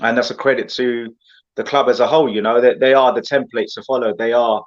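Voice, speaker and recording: Passionate football pundit. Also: male voice, mid-range voice, a little fast, dull audio. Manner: animated, passionate, rambling rants with lots of "mate". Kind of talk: casual football chat.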